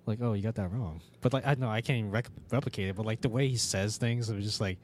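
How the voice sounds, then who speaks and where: A man's voice: lowish voice, very fast, a little mellow, a little hiss or hum. A young man co-hosting a casual podcast, talking animatedly with many fillers and casual swearing. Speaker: podcast co-host. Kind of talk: casual chat.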